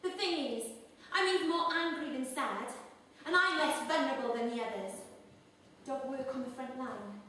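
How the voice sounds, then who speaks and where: A woman plays an office worker fighting back tears, halting and apologetic, with a high voice. She is heard from far off across an echoey stage with faint hiss. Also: bright, forceful tone. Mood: tearful. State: close to tears. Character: tearful female support staff worker, angry and sad. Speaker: stage actor. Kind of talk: live stage play. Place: small theatre stage. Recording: echoey theatre taped from far off.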